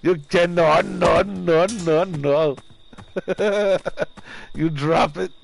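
A man streaming a game live, giving loud, excitable, profane commentary and taunting the enemy. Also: on the high side, very slow, creaky, soft background music.

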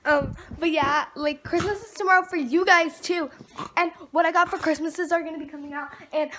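A teenage girl chatting in a casual home vlog, excitable and giggly, rambling with lots of fillers. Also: high voice, brisk, slight background noise. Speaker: vlogger. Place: at home with her dog. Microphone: camera mic.

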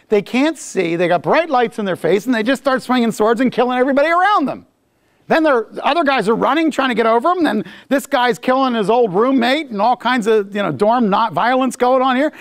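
A Bible teacher lectures to a class with a very lively, swooping voice. The talk is jokey and conversational, moving from read passages to playful asides and acted-out bits. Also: mid-range voice. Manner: jokey and conversational, acting out scenes.

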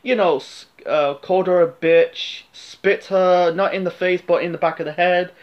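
A man's voice: high-pitched, steady tone, normal speed, lo-fi sound. A man talking through a film review in a loose, hesitant way, with many fillers and restarts. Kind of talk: casual rambling film review.

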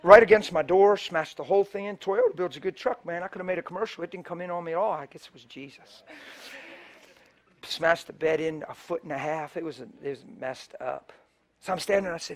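A man's voice: on the high side, brisk. A middle-aged male preacher telling a story to his congregation, acting out both sides of the conversations as he goes. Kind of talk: storytelling sermon. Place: church before a live congregation.

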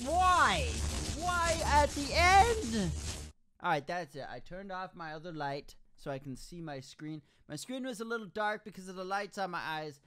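A man hosting a let's play video, excitable and swearing constantly, shouting when panicked. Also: high voice, moderate pace, noisy background. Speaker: gaming video host. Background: horror game music and sounds.

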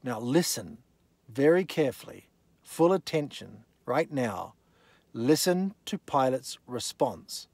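Animated man teaching from the Bible. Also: mid-range voice, takes it slowly, vocal fry, breathy edge, no echo. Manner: animated, rhetorical questions, talks straight to the listener.

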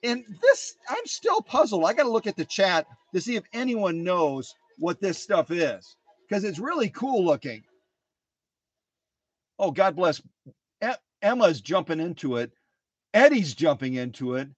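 Animated, husky-voiced man chatting live. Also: high voice, a little slow, no echo. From Wisconsin. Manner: chatty, animated, talks to the viewers. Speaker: live-stream host of a sewing machine restoration channel. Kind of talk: casual live-stream chat. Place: home workshop.

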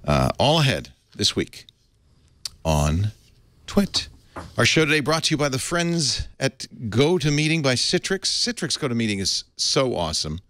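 A man hosting a tech talk show in a studio, chatty and animated. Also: normal speed, no echo. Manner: animated, chatty, jumps in pitch. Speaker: host. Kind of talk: casual tech panel chat.

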